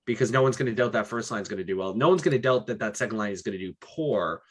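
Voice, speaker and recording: A young man co-hosting a podcast, chatting casually about hockey in animated bursts and often tagging his points with "right?". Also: fairly low pitch, a little hiss or hum. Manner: animated, talks in quick bursts with frequent "right?". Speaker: podcast co-host. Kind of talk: casual sports chat.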